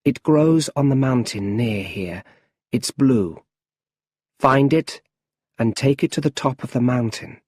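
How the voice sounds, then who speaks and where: A man doing a stern, measured mentor. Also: mid-range voice, a little mellow, slightly rough, no room sound, clean studio sound. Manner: measured, commanding. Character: stern mysterious male mentor.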